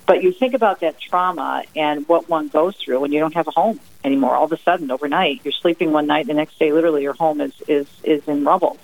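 A middle-aged woman from New Jersey, a guest author on a radio interview, telling family stories in a lively, emphatic way. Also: low voice, fast, gravelly, few pauses, poor audio. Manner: lively, emphatic, acts out her mother's sayings. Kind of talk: radio interview, personal storytelling.

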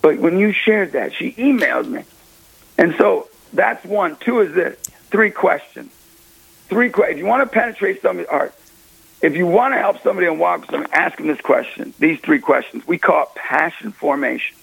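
Male ministry leader on a radio talk show. High, gravelly voice, bursting with energy, preaches as he talks. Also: a little fast, rough recording. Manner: energetic, preachy, laughs often, acts out quotes. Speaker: Catholic ministry leader, guest. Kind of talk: lively radio interview talk. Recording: radio broadcast.

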